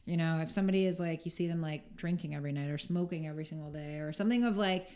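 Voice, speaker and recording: A woman's voice: deep voice, rapid-fire, dark tone. A woman talking as a podcast guest in a casual interview, chatty and full of "like", often acting out what other people say. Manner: chatty, full of "like", acts out quoted speech.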